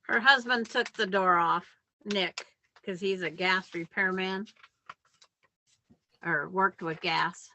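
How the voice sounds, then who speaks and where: Slow-talking bright-voiced woman. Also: fairly low pitch, fairly even intonation. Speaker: livestream co-host. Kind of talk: casual chat.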